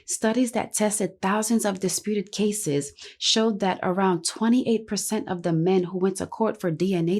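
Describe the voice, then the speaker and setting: A woman narrating scripted commentary in a measured, solemn delivery. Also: on the low side, darkish tone. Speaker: channel narrator.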